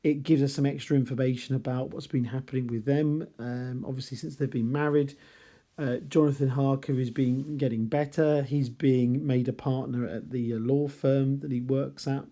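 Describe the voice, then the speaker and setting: Mellow-voiced man explaining a classic novel. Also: medium pitch, fairly even intonation, moderate pace. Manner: rambling, self-correcting, apologetic asides. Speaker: literature teacher. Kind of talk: casual novel analysis.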